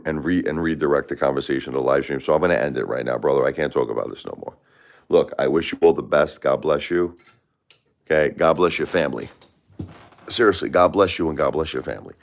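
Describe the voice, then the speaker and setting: Middle-aged male livestream host, very low gravelly voice, blunt and preachy, near tears. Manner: blunt, repetitive, preachy advice. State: close to tears. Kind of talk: emotional live-stream talk to a caller.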